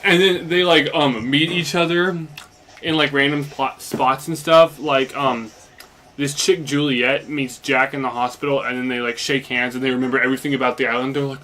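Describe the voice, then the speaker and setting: With a fairly high, bright and forceful voice, fairly even intonation and normal speed, a young let's play commentator recaps a story while playing a game. His rambling is loose and meandering, heavy on fillers such as "basically" and "like."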